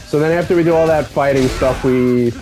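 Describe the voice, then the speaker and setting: A man's voice: mid-range voice, a little fast, music in the background, low-quality recording. A young man recapping a game plot while playing, rambling with many restarts and profane outbursts. His voice sits in a middle register and jumps up when he gets heated. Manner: rambling, profane, excitable asides. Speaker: let's play gamer. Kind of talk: casual game story recap.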